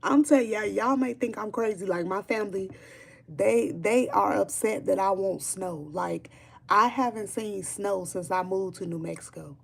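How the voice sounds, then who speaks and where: Woman, gravelly fry, casual livestream chat, emphatic, repeats herself, swears. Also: medium pitch, normal speed. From Chicago, Illinois. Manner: emphatic, repetitive, swearing freely. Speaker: streamer chatting with viewers.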